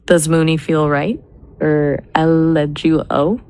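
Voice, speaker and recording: A woman talks through ideas in an unhurried, measured way, often spelling words out letter by letter. Her voice sits a little low and she takes her time. The recording is close and dry. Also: fairly even intonation, darkish tone, dry recording. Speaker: brainstorming assistant. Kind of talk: casual brainstorming chat.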